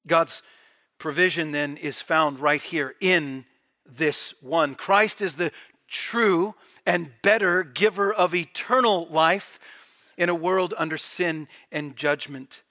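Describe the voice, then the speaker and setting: A man preaching a sermon with fervent delivery, swelling loud and dropping to near-quiet. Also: fairly high pitch, slow pace. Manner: fervent, rising and falling in volume.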